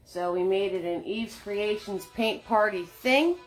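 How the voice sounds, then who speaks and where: A woman's voice: mid-range voice, unhurried. A woman hosting a live painting lesson, chatty and upbeat, greeting viewers by name as she gives steps. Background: faint Irish music.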